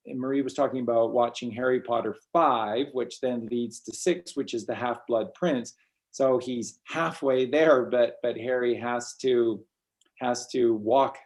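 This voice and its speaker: A man's voice: mid-range voice, vocal fry, darkish tone. A man hosting a casual spiritual talk, rambling and often repeating words as he restarts sentences. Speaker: host.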